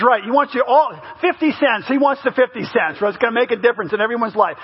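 A man's voice: very high voice, quick pace, few pauses, breathy edge. A man preaching a humorous, conversational sermon as pastor, often asking the crowd "right?" in a church. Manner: playful, asks the crowd "right?". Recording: dull lo-fi sermon audio.

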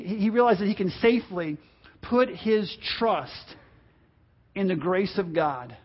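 A pastor delivering an impassioned sermon, repeating words and acting out the complaints he quotes, heard on a dull lo-fi recording. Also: high-pitched.

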